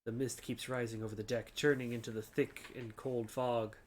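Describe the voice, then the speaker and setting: A woman's voice: a bass voice, little pitch movement, moderate pace, a little mellow, slight background noise. A woman streamer reading a video game's story text aloud, with playful asides. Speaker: streamer and game developer.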